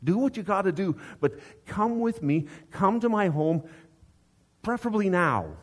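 A man's voice: high voice, sing-song, measured pace, pitched above the performer's own voice, full character voice. A man preaching who acts out a desperate father begging for help for his sick son, urgent and imploring.

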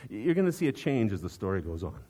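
A man's voice: fairly low pitch, big pitch swings, quick pace, dark tone. A man preaching a sermon in a conversational way, posing rhetorical questions to his listeners. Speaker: pastor.

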